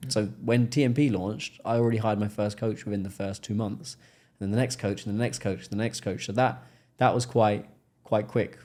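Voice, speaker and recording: An English man, a podcast guest, telling stories in a relaxed interview and acting out the people in them. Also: lowish voice, moderate pace. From England. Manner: animated storyteller, acts out quoted voices. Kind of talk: casual interview storytelling.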